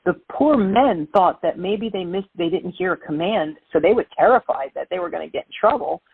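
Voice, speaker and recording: A middle-aged woman from Brooklyn, a guest telling lively stories in an interview. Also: on the low side, a little fast, vocal fry, breathy edge, dry recording. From Brooklyn, New York. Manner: lively, animated storyteller. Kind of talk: interview storytelling. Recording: tinny phone-like line.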